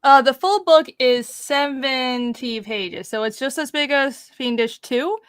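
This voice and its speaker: A woman being interviewed as a guest comic artist, chatting casually and upbeat in quick bursts over a video call. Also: high-pitched, clean tone, dry recording.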